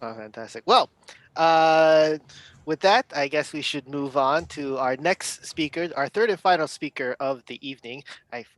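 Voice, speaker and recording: A man's voice: a little high, normal speed, fairly bright tone, no room sound. A man hosting an online talk event over a video call, chatty and full of fillers. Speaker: event host. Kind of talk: casual chat and hosting.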